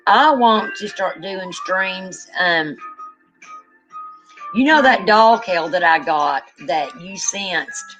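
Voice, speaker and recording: A woman's voice: medium pitch, expressive, slow, over music, low-quality recording. An older woman with a grandchild, chatting casually on a live stream, rambling, trailing off and yawning. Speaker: co-host.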